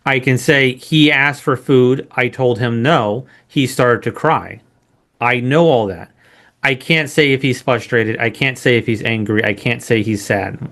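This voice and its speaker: A man's voice: medium pitch, a little slow, fairly bright tone. Conversational man teaching a lesson. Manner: conversational, frequent rhetorical "right?" tags. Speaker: instructor. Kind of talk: recorded training lesson.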